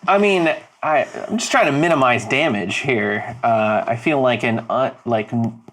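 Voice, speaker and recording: A woman's voice: rumbling low, animated, normal speed, a little hiss or hum. A woman playing a tabletop game in casual banter, reasoning aloud with restarts and laughing easily. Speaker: player.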